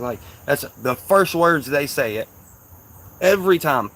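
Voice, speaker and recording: A man from Kentucky with a Louisville accent and a soft, slightly raspy voice, rambling casually to his viewers on a livestream in slang. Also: a little high, expressive, unhurried, a little hiss or hum.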